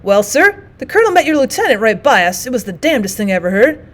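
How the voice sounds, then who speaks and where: A woman's voice: a little high, quick pace. A woman voicing an eager young soldier telling big news and mimicking officers' voices. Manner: excited storytelling, mimicking others.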